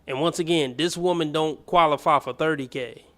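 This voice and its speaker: A man's voice: fairly high pitch, moderate pace, a bit bright. A man hosting a commentary stream, reacting bluntly and scornfully to clips, with some profanity. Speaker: host.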